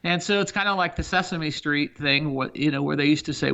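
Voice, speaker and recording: A middle-aged senior living company CEO is a guest on a podcast, talking a little fast in a fairly high, gravelly voice with a bright, forceful edge. He is energetic and emphatic, piling on example after example to make his points. The audio is somewhat dull and lo-fi.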